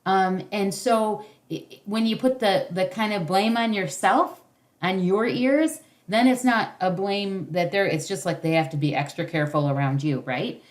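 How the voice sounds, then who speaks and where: A woman's voice: medium pitch, moderate pace. A woman leading a parenting class over a video call, encouraging, with many fillers and restarts. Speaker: parenting workshop facilitator.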